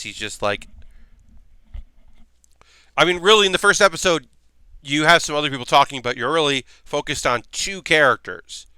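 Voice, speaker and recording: A man's voice: mid-range voice, bright, forceful tone, smooth, no room sound. A man hosting a livestream, chatting loosely and profanely and answering comments from chat as he talks. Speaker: livestream host.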